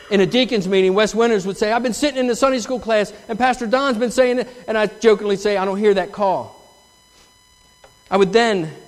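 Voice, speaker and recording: A man with a notably high voice tells his story earnestly and with feeling, as a testimony from the front of a church. His words ring out into the long reverb of a large sanctuary. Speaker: church member giving testimony. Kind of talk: testimony sermon.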